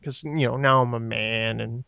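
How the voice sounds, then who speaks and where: A man's voice: medium pitch, steady tone, normal speed, creaky, pushed and bright, clean tone, muffled recording. A man co-hosting a casual podcast, rambling with lots of fillers as he tells stories and answers listener questions. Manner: rambling, filler-heavy storytelling. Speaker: podcast co-host.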